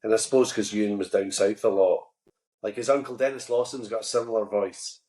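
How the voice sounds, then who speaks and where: A Scottish man, an actor guest, chatting in a relaxed way and telling stories with humor. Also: fairly low pitch, brisk, echoey room. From Scotland. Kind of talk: casual interview chat.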